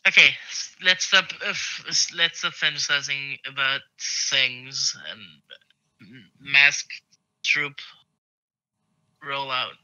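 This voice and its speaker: A man playing a tabletop game on a live stream, excitable and quick to exclaim and swear. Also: mid-range voice, clear, resonant tone, poor audio. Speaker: player.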